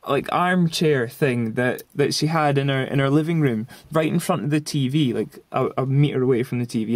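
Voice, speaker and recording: A man's voice: on the high side, a little mellow, dry recording. A man in his twenties casually recounting a story in a rambling way, full of fillers and restarts. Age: 20s. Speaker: vlogger.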